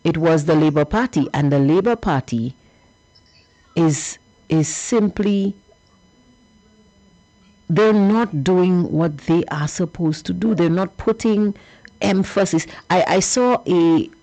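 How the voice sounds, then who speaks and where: Woman radio host, low voice, calm, measured. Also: rough recording. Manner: calm, measured, pushes back gently. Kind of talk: radio call-in.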